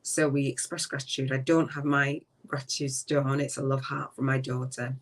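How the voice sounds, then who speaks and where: A middle-aged woman hosts a live spiritual talk in a slow, reflective way. Her phrases trail off and she keeps an even, almost flat tone. She sounds set back from the mic. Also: very deep voice. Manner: reflective, slow and unhurried, trailing off, often dropping soft. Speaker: podcast host. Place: a relative's home. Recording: voice distant from the mic.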